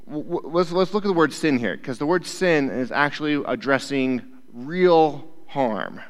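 A man's voice: a little high, expressive, a little slow. A man, a youth pastor, preaching a casual sermon in a conversational way, often checking in with his listeners. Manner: conversational, keeps checking in with "right?". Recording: long hall reverb.

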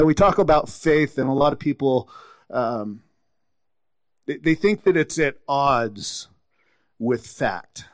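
A man's voice: a little high, no room sound. A man preaching a sermon, retelling scripture stories and acting out the quotes with rising intensity.

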